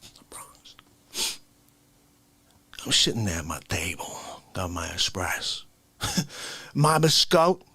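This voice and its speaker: A man hosting an unscripted comedy livestream, ranting with wild swings between whispers and shouts and frequent laughter. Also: low-pitched, sing-song, unhurried, breathy edge. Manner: wildly swinging delivery, dropping to whispers and bursting into shouts, laughing.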